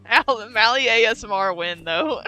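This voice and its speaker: A woman's voice: a little high, bright, forceful tone. A young woman streamer chatting casually, slangy and laughing often. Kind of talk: casual chat.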